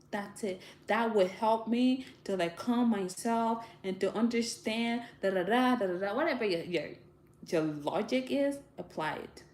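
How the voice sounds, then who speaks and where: A woman talking casually to viewers, giving direct, animated advice and laughing often. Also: on the high side, a little slow. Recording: roomy echo, faint ambience.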